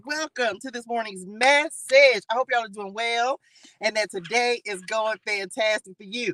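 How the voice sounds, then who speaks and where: A middle-aged woman hosting a spiritual morning livestream in a casual, excitable way, often repeating greetings to her audience. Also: fairly high pitch, unhurried, no echo.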